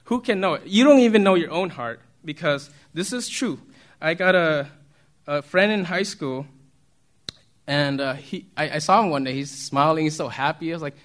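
Man, pastor, casual sermon, talks with the congregation, chuckles, slightly high voice. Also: moderate pace, fairly bright tone. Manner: chatty, asks the congregation questions, chuckles often.

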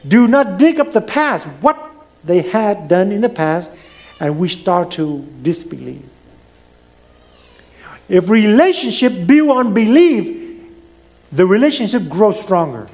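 A man's voice: high-pitched, very animated, takes it slowly, pauses often, darkish tone. A middle-aged man preaching a sermon as pastor, swinging his voice up and down, with some non-native grammar.

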